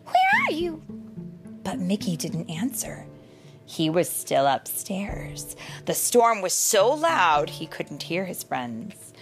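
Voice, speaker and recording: A woman reading a children's storybook aloud in an expressive way, with dramatic pauses and the odd question to young listeners. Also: fairly low pitch, over music.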